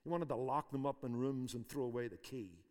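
A man's voice: medium pitch, fairly quick, a little mellow, long reverb tail. A man preaching a sermon, emphatic, repeating phrases for force. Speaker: pastor.

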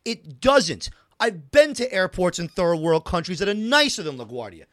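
A man's voice: high-pitched, big pitch swings, moderate pace, a bit bright. A man telling a wry, exasperated story in a casual chat.

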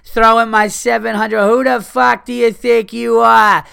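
A man's voice: extremely high pitch, flat delivery, measured pace, gravelly, bright, forceful tone, clean tone, voice pushed up, exaggerated voice. A man doing a shrieking drunk woman. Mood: furious. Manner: screeching, cursing. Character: drunk shrieking young woman outside a club.

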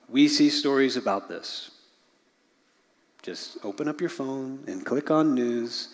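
A middle-aged man preaching a sermon as pastor, earnest, often sinking to a hushed low voice at the ends of phrases. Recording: long reverb of a large hall.

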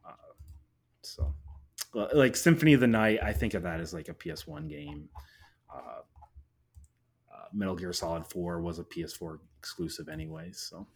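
A man hosting a casual chat, running a bracket of matchups and speaking haltingly with many fillers. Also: low-pitched, slight background noise. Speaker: podcast host running a game bracket.

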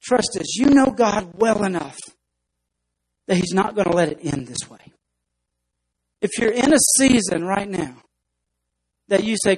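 A man's voice: high-pitched, lively intonation, a little slow, long pauses, a little mellow, slightly rough, poor audio. A man preaching a sermon as pastor, speaking emphatically and acting out stories for his congregation.

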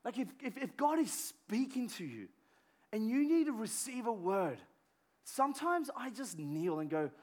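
A pastor preaching a sermon in a conversational way, full of fillers and restarts, dropping to a hush and rising to a shout. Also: male voice, very high voice, sing-song, unhurried. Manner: conversational, many filler words and restarts, swings from hushed to shouting.

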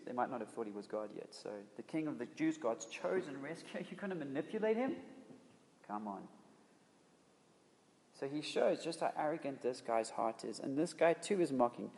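A man's voice: mid-range voice, sing-song, normal speed, vocal fry, darkish tone. A man preaching a sermon in an emphatic, conversational way, often restarting his phrases. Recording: long reverb of a hall.

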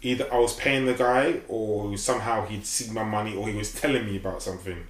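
A man with a fairly low voice tells a story in casual conversation, at a measured pace with hesitant pauses. The recording sounds roomy and echoey. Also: steady tone. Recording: echoey room.

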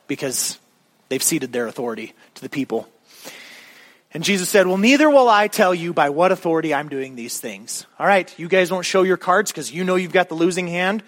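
A man preaching a sermon as a pastor, in a conversational, animated way with frequent "all right?" asides to the congregation. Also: on the high side.

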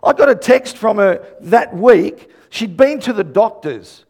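A man delivering a sermon in a strikingly high voice. He tells stories with lots of acted-out dialogue and bursts into shouts for emphasis. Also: measured pace. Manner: animated, acts out quoted dialogue, shouts emphasis. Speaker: pastor.

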